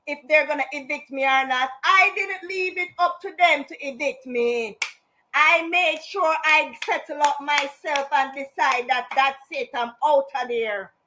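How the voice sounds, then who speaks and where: A woman's voice: high-pitched, sharp tone. A woman, telling her own story on a casual live stream, indignant and emphatic, slipping into patois. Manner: slips into patois.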